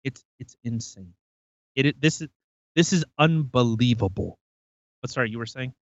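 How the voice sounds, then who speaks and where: A man's voice: mid-range voice, animated, normal speed, dry recording, lo-fi sound. A man hosting a podcast, ranting casually with profanity and rambling repeats. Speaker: podcast host.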